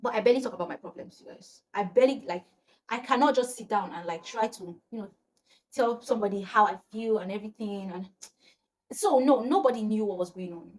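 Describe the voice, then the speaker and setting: A young woman, telling a personal story to camera in a casual, animated way and acting out the dialogue. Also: a little fast. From Nigeria. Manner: animated, acts out quotes with rising pitch, laughs between lines. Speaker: storytime vlogger.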